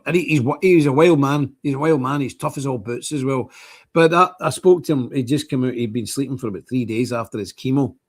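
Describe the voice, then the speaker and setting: Slightly rough in a mid-range voice, a Northern Irish livestream host in his sixties wanders through a repetitive monologue, circling back to the same phrases again and again.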